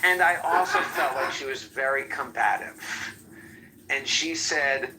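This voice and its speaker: A male co-host recounting a frustrating phone call in a casual, grumbling way. His voice is very bright and sharp, and he swears freely as he complains. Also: medium pitch, a little slow, slight background noise. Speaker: podcast co-host. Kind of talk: casual storytelling chat.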